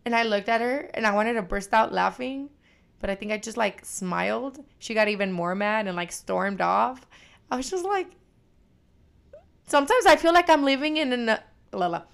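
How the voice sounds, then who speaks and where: Gravelly young woman, foul-mouthed storyteller. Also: a little high, moderate pace. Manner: animated storytelling, heavy swearing. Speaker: podcast co-host. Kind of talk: casual chat.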